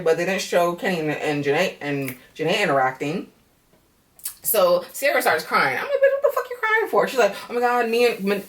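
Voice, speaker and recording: A woman's voice: on the low side, distant mic. A woman casually recapping a reality show episode, talking bluntly with lots of swearing and acting out what people said. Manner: blunt, profane, chatty, acts out quotes.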